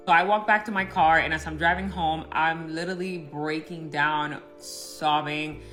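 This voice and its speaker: A woman's voice: low voice, steady tone, moderate pace, hardly any pauses, a bit bright, soft background music. A woman casually recounting a painful personal story, emotional and rambling with frequent fillers. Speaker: storyteller recounting her marriage.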